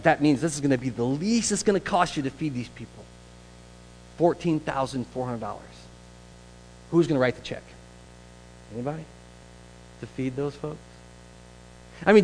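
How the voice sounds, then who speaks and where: Conversational pastor preaching in a hall. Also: male voice, on the high side. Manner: conversational, animated, acts out quoted voices. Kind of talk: sermon.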